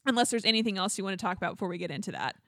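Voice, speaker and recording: A woman's voice: medium pitch, expressive, very fast, a bit bright, no echo, studio quality. A pregnant young woman co-hosting a podcast, telling a long story in casual chat with lots of "like"s and laughs. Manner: chatty storytelling, many "like"s, laughs often. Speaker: podcast co-host.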